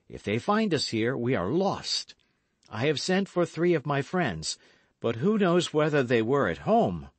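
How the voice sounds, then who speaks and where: A man's voice: medium pitch, no room sound, pitched above the performer's own voice. Guy reading a gallant young swordsman, earnest and eager, dry close voice. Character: bold young male guardsman, earnest and gallant.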